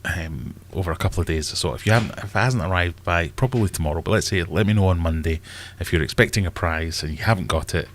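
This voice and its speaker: Scottish male host, low voice, loose self-mocking live-stream chatter. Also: quick pace, few pauses. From Scotland. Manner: rambling and self-mocking, thinks aloud. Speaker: aquarium channel host. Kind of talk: casual live-stream chat.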